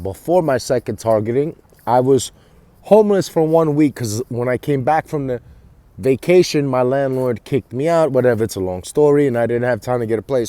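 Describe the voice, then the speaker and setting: An adult man with children vlogs to camera in a casual monologue, his mid-range voice warm and free of echo. He rambles, swears heavily, and often restarts his sentences.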